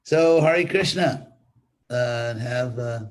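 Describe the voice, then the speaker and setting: A man's voice: mid-range voice, takes it slowly. An older man teaching a live spiritual class, talking informally with restarts and wry humor as he tells a story. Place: online class stream.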